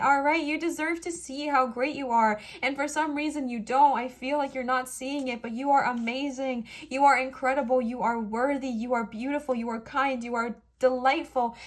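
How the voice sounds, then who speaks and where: A woman giving a pick-a-card tarot reading to camera. She heaps earnest, emotional encouragement on the viewer and says more than once that she is close to tears. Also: sits high. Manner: warm, effusive encouragement addressed straight to the viewer. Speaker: tarot reader.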